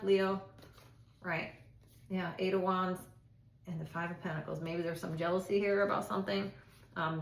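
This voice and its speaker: A woman's voice: on the low side, vocal fry. A middle-aged woman doing a casual tarot reading, chatty and reassuring, thinking aloud with frequent restarts. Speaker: tarot reader. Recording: echoey room.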